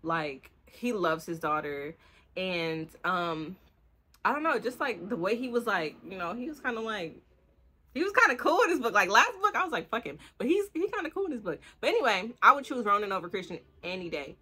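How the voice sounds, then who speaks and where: A woman's voice: mid-range voice, husky. A young woman, giving a rambling, casual book review full of swearing and acted-out lines. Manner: animated, swearing, acts out the characters' lines in quick bursts. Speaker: book vlogger.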